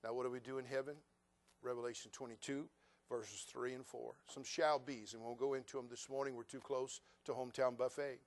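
This sermon comes from a male pastor with a brisk, mid-range voice who keeps it animated and comic by impersonating people in his congregation.

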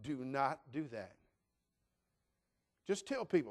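An older man preaching a sermon in a church in an animated, joking, conversational way. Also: a little high, measured pace. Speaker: pastor.

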